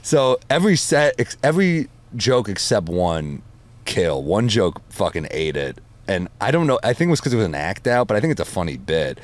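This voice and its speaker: A man telling animated stories in casual podcast chat, swearing freely. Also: lowish voice, normal speed. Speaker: comedian guest.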